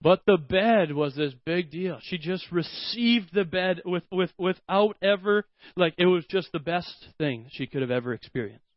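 A man in his thirties preaching a sermon, telling family stories with lively acted-out voices. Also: sits high, normal speed, no room sound. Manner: animated storytelling, acts out his kids' voices. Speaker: pastor. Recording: dull, slightly lo-fi dry sound.

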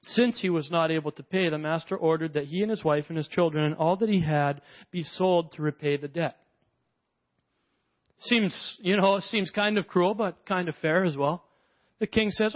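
A man's voice: a little high, normal speed, highs cut off. A man preaching a sermon in a conversational way, acting out the characters of a parable as he retells it.

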